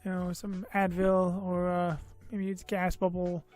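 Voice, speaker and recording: This vlogger's voice is high-pitched, a little mellow, and completely flat, delivered at an unhurried pace. Tired and a bit loopy, he meanders through a personal story with many fillers and jokes at his own expense, with faint music in the background.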